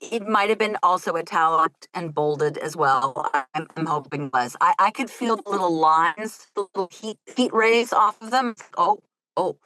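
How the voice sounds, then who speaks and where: A woman audiobook narrator as a guest in a casual chat, rambling and self-mocking, acting out quotes with sudden high jumps. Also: animated, normal speed, few pauses, pushed and bright, dry recording, rough recording.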